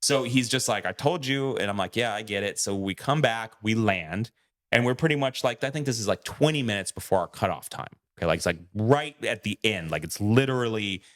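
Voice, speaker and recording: A man's voice: on the low side, brisk, fairly bright tone. A man co-hosting a podcast, telling a story in a casual way, acting out quoted lines and swearing freely. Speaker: podcast co-host.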